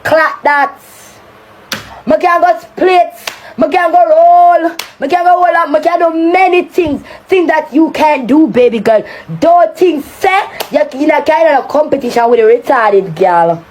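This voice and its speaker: A woman's voice: very high voice, expressive, moderate pace, a little mellow, slight background noise. A woman with a Jamaican accent delivering a heated, taunting rant on a live stream, cursing often.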